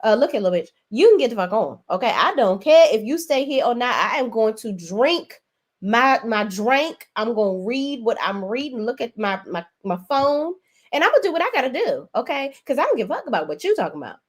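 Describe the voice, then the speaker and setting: A woman's voice: fairly high pitch, big pitch swings, fairly quick. A woman voicing an unbothered, no-nonsense woman who brushes off a rival. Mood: dismissive.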